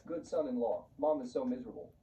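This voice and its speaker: A man reading the lines of a bitter, self-pitying middle-aged mother-in-law in a flat, even voice. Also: medium pitch, fast, roomy sound, close to an everyday voice. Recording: muffled, distant, faint hiss.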